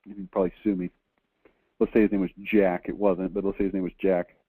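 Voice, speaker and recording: A man's voice: deep voice, level tone, brisk, husky, dry recording. A man in his forties telling a motivational story as a business coach, emphatic and given to repeating phrases for effect. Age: 40s. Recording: dry, tinny phone-like sound.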